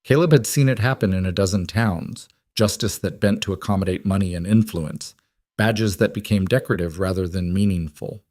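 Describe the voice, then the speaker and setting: Low-voiced male storyteller. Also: brisk, darkish tone, no echo. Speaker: narrator. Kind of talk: scripted narration.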